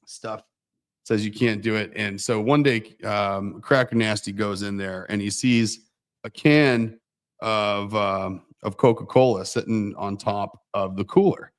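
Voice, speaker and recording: A man co-hosting a casual livestream, telling a rambling story with animated voices. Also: lowish voice. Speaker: co-host.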